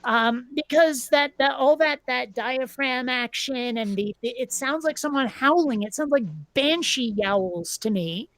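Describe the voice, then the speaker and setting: A woman's voice: high voice, fairly bright tone, no room sound. Opinionated woman in casual chat. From United States. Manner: opinionated, halting with restarts. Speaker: podcast host.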